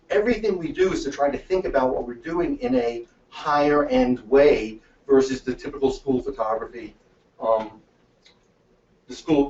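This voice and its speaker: A man giving a webinar talk as presenter, telling stories in a lively way and acting out the dialogue. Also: medium pitch. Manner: lively storytelling, acts out dialogue. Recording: echoey, distant, dull room sound.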